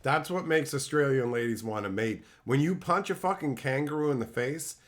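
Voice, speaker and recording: A male livestreamer talks loosely to his chat, tossing out crude, swear-filled jokes as he goes. His voice sits at an ordinary mid pitch. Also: lively intonation, normal speed. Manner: crude, profane joking banter; riffs on viewer chat messages. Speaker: streamer.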